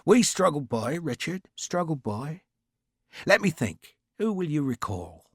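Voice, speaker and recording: A man plays a hearty naval captain with a rich Devonshire accent, affable and chatty. The voice is slightly raised, with a husky grain, and it is recorded dry and close. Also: fairly high pitch, big pitch swings, unhurried, dry recording, voice pushed up, exaggerated voice. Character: cheerful, warm-hearted male naval captain.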